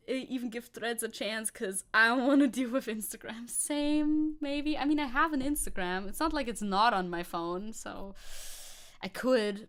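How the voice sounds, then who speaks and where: A woman's voice: medium pitch, fairly bright tone. A young woman streaming casually, reading news aloud and reacting with chatty, giggly asides.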